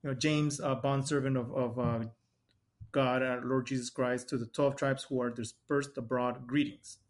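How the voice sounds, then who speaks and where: A man's voice: mid-range voice, level tone, normal speed. Male host reading scripture. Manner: conversational, reads scripture aloud. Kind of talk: casual faith-based conversation.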